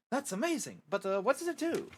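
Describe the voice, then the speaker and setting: A man voicing a fast-talking male TV news reporter in a storybook reading, with a brisk, chirpy announcer delivery. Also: extremely high pitch, big pitch swings, husky, pitched above the performer's own voice, exaggerated voice.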